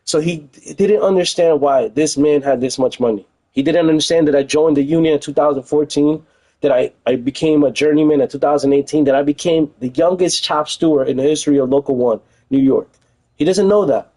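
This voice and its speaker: A man's voice: fairly high pitch, brisk, warm tone, low-quality recording. A young man streaming from home, talking in a heated, emphatic casual rant and repeating phrases for stress. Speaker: livestreamer.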